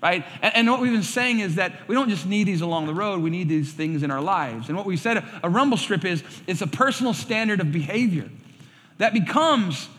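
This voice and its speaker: A man's voice: high-pitched, lively intonation, fairly quick, a bit bright. A male pastor preaching a sermon, telling stories animatedly and acting out quoted voices. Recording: reverberant hall sound.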